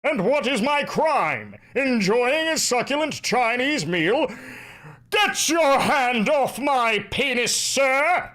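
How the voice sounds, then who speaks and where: A man impersonating an indignant, pompous man protesting his arrest, speaking slowly and theatrically. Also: extremely high pitch, big pitch swings, pushed and bright, pitched above the performer's own voice, heavily acted. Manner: slow, theatrical and outraged.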